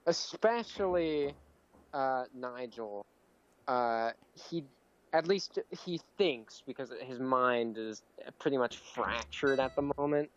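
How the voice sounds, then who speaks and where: A young man narrating a tabletop game as game master, rambling and halting with many fillers. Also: medium pitch. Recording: dull lo-fi mic with faint hiss.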